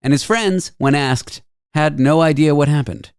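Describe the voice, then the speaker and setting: A man's voice: a little high, a little slow, smooth, no echo. A man hosting a radio talk show, delivering a sarcastic, jokey news monologue into a studio microphone.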